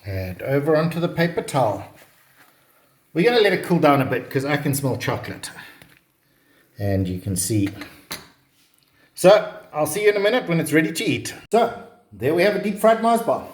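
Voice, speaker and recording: A chatty man walks through a recipe with a joking, easygoing manner. His voice sits a little high. The recording has a roomy echo. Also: very animated, moderate pace, long pauses. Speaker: cooking vlogger. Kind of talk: casual cooking demonstration.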